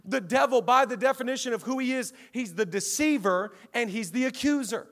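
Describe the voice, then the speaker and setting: A man pastor preaching a sermon to a congregation, emphatic and energetic, with shouted peaks and call-outs to the audience. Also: very high-pitched, brisk. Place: church auditorium before a live congregation.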